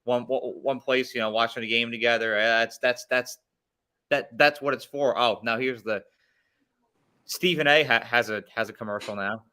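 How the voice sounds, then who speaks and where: A man hosting a live game reaction show, jumping in with jokes and getting excited as plays unfold. His voice is bright and forward, and he stumbles through fillers and restarts as he talks. His pitch sits in an average range. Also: moderate pace. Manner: excitable and joking, with lots of filler and stammered starts. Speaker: host. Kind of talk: casual sports watch-along chat.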